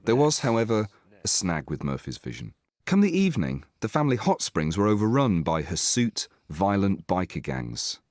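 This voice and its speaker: A man's voice: lowish voice, sing-song, moderate pace, darkish tone, no room sound. An English man narrating his own story in a dry, self-deprecating, scripted way. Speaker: host and narrator.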